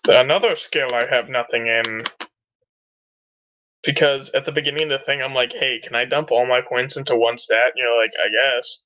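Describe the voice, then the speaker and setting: A man's voice: medium pitch, steady tone, normal speed, pushed and bright, dull audio. A man playing a tabletop game over voice chat, joking with the game master in a wry way. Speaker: player. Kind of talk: casual tabletop play.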